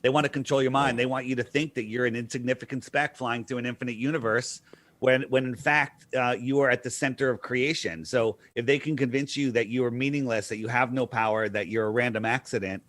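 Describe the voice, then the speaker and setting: Guy on a talk show calmly explaining things bit by bit, medium voice, dry close mic. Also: medium pitch, brisk, dry recording. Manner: earnest, explains step by step. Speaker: guest. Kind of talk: casual studio discussion.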